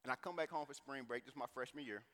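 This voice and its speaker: A man in his thirties from St. Louis giving a personal testimony at a conference, telling the story in a casual, animated way with lots of slang asides. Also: medium pitch, rapid-fire. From St. Louis, USA. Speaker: conference speaker. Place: conference hall. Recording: echoey hall reverb.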